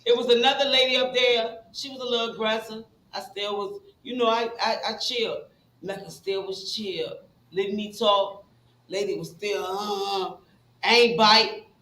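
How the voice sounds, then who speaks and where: A woman in her forties from Richmond, talking bluntly with plenty of profanity. Her voice is bright and forceful, and it rings in a roomy, echoey space. She sounds heated and direct in casual chat. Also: medium pitch, steady tone, measured pace, a little hiss or hum. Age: 40s. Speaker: live stream guest.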